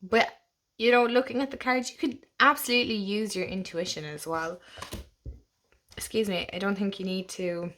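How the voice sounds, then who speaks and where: A young Irish woman chatting casually as she walks through a tarot deck, gushing and laughing, sometimes dropping to a soft whisper. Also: mid-range voice, moderate pace. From Ireland. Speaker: tarot channel host.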